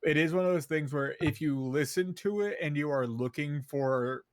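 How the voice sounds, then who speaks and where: A man's voice: fairly high pitch, moderate pace, no room sound, studio quality. A man chatting casually on a stream, rambling with lots of fillers and restarts. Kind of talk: casual chat.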